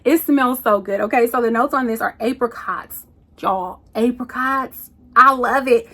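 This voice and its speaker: Sassy perfume-vlogger woman, slightly high voice. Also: unhurried, bright, forceful tone. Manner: sassy, playful, talks to viewers as "y'all" and "girl". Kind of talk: casual chat reviewing perfumes.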